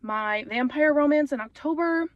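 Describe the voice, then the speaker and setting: A woman's voice: high-pitched, normal speed, no room sound, highs cut off. A young adult woman talking casually in her parked car, rambling with fillers and getting emotional. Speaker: author and vlogger. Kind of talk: casual vlog talk.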